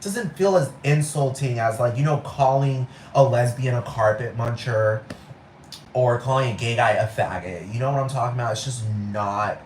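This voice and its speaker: A man's voice: medium pitch, normal speed. A man from Texas hosting a solo podcast, ranting casually in a rambling, profane way and constantly asking if the listener follows. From Texas, United States. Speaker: podcast host. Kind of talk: casual monologue rant. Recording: echoey room with faint noise.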